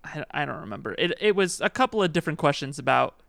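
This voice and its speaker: A man's voice: a little high, sing-song, quick pace, vocal fry, fairly bright tone, dry recording. A man co-hosting a podcast, explaining in a dry, wry way. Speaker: podcast co-host. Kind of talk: casual chat.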